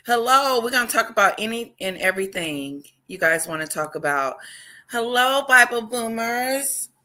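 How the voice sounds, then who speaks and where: Loud, excitable woman hosting a livestream. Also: lowish voice, unhurried, long pauses. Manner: loud and excitable, greets viewers by name. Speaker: livestream host. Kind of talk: casual livestream chat.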